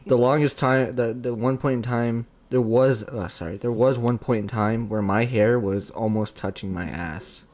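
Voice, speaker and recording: A young man hosting his own livestream, speaking candidly and haltingly, with many restarts. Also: medium pitch, fairly even intonation, a little mellow. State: tearful, emotional. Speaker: channel host being interviewed. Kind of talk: casual livestream chat.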